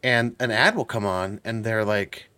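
A man's voice: lowish voice, fairly even intonation, unhurried, bright, forceful tone, smooth, dry recording. Rambling chatty male podcast co-host. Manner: rambling storyteller, restarts often. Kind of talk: casual chat.

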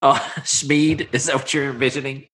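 A man's voice: medium pitch, flat delivery, moderate pace, fairly bright tone, husky. A man narrating a tabletop game as game master, in a casual, rambling way full of fillers.

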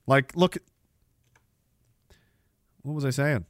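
A man hosts a podcast and rants about politics, swearing freely and dripping with sarcasm. His voice sits on the higher side for a man, and he rambles from point to point. The sound is close and dry, with no room around it. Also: normal speed, a bit bright, dry recording. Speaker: podcast host. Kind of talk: ranting political commentary. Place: Canada.

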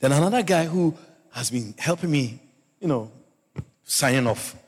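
A male pastor preaching a sermon and telling personal stories, swinging from loud exclamations to low murmurs. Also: expressive, normal speed, breathy edge. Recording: long hall reverb.

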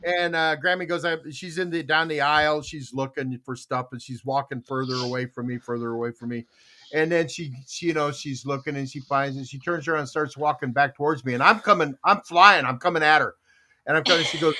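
A man's voice: fairly high pitch, fairly even intonation, a little fast, bright, forceful tone, a little hiss or hum. An older man hosting a casual podcast chat, telling stories animatedly with laughter and acted-out quotes. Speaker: podcast host.

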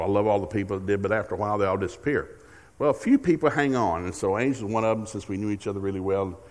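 An older man, a guest preacher telling a folksy, joking story in a sermon and acting out both sides of conversations. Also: mid-range voice. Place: church sanctuary. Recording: reverberant church hall.

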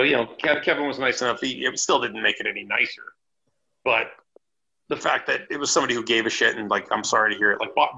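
A man, a former wrestler, telling chatty, animated anecdotes as a guest on a podcast interview. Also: medium pitch, vocal fry, breathy edge, highs cut off. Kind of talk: casual storytelling interview.

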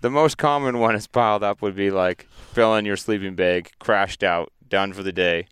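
Canadian guide guy, lowish smooth voice, joking around, relaxed. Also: normal speed, no room sound, studio quality. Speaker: hunting guide and outfitter. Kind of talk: casual chat.

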